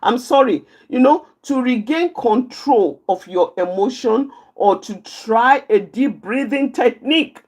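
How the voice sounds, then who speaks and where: Slow, lively-pitched woman teaching. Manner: repeats key phrases, slow and emphatic, points out positions with her hands. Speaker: outreach speaker teaching anger management. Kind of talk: live teaching talk.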